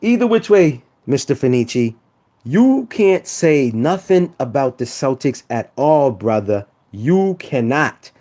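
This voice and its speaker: A man's voice: mid-range voice, very animated, slow pace, mellow. A man trash-talking rival sports fans on a live stream, teasing and repeating himself for emphasis. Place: home room.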